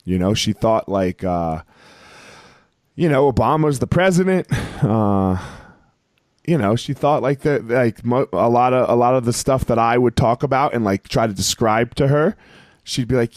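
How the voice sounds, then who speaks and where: A man's voice: medium pitch, expressive, moderate pace, dry recording, studio quality. A man in his forties, a podcast guest talking in a rambling, casual way, full of fillers and profanity.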